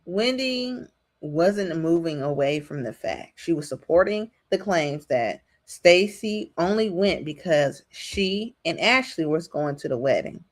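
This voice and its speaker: Slow-talking, low-voiced woman commentator. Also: animated. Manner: chatty, rambling with frequent ums and restarts. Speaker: reality TV commentary host. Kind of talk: casual commentary monologue.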